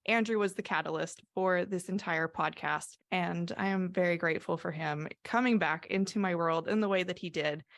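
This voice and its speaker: A woman's voice: lowish voice, creaky. A woman hosting a podcast, introducing her guest in an earnest, grateful, casual way. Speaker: podcast host.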